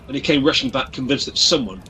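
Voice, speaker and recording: A man's voice: medium pitch, expressive, quick pace, pushed and bright, rough recording. An Englishman with an English accent, chatting jovially on a radio show, addressing listeners as folks and stumbling over his restarts. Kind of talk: casual radio chat.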